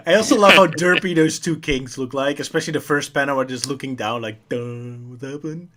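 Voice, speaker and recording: A man on a podcast making quick, wry jokes in casual chat. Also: on the high side, sharp tone. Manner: wry, quick jokey remarks. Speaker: podcast co-host.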